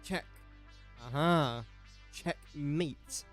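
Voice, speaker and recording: Chatty young English streamer, higher voice. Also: male voice, drawn-out words, fairly bright tone, faint music behind. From England. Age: young adult. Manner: chatty, self-mocking, mutters while guessing. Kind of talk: casual live-stream commentary.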